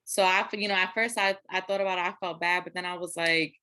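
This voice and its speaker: A young woman with a lower voice that still sounds bright, telling a story in a relaxed, conversational way. She chats casually as a podcast co-host. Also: fast talker, few pauses, clear, resonant tone. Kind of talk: casual chat.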